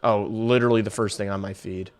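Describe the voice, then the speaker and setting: A young man hosting a casual livestream, giving play-by-play of a hockey game, swearing and swinging from muttered asides to loud outbursts. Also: on the low side, fast. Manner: excitable, swears, shifts between mumbled asides and loud outbursts. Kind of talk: casual live reaction and play-by-play.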